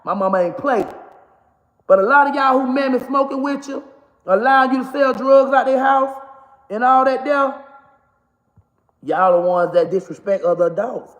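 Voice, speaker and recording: A woman's voice: high-pitched, moderate pace, dull audio. Blunt, cussing woman in her forties. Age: 40s. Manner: blunt, profane, laughs while scolding. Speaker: comedian and mother. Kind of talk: candid monologue to camera. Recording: echoey room with long reverb.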